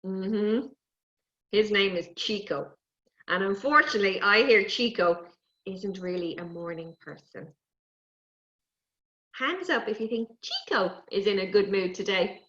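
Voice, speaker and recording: Animated woman teaching small children. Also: medium pitch, measured pace, pauses often. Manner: animated, coaxing, talks to puppets and kids. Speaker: children's presenter. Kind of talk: lively lesson for young children. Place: indoors, recorded for an online event. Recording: dull, roomy live stream audio.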